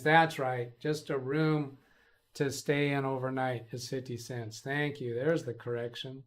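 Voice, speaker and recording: A man's voice: medium pitch, fairly even intonation, a little slow, fairly bright tone. A man hosting a casual live stream, rambling as he reads chat messages aloud and answers them. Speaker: host of a live tech stream.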